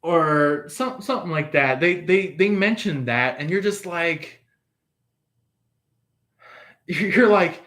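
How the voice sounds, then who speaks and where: A man's voice: on the high side, expressive, takes it slowly, long pauses, a bit bright. A man giving a casual tarot reading, rambling with many fillers and restarts. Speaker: tarot reader.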